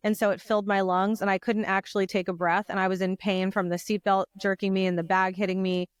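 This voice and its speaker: Smooth-voiced woman podcast host. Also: mid-range voice, level tone, fast talker, no room sound. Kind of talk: casual conversational storytelling.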